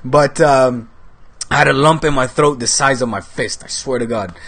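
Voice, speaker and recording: A man in his thirties from the Netherlands hosts a football show while he has a cold. He rambles in loose, casual chat with lots of fillers and offhand swearing, and his voice sits at an ordinary middle pitch. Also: normal speed, fairly bright tone, breathy edge.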